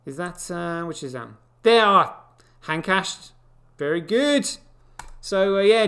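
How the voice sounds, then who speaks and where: A man's voice: high voice, lively intonation, takes it slowly, fairly bright tone. A man hosting a live online show, rambling through casual news commentary with lots of fillers and wry asides. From United Kingdom.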